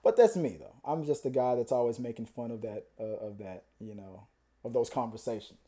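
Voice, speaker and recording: A man's voice: medium pitch, fairly quick. A man hosting a show, ranting comically and acting out the voices he quotes. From Texas. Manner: animated, acts out quoted voices, laughs often. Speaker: podcast host. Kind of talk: comedic rant.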